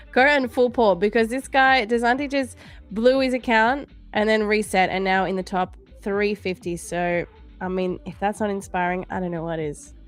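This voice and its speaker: A woman hosting a live trading stream, reading viewer comments aloud in a playful, teasing way and laughing often. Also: fairly high pitch. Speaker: livestream trading show host.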